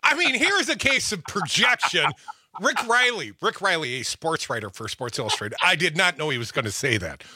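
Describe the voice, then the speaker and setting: A man hosting a political talk radio show, trading sarcastic jabs with a lively, quick delivery. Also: fairly high pitch, husky, dry recording, studio quality.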